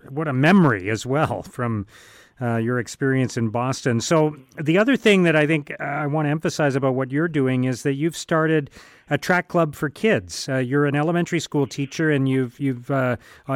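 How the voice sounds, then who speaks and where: A man's voice: medium pitch, dry recording. Man hosting an interview in a dry studio. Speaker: radio host. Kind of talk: interviewing a guest.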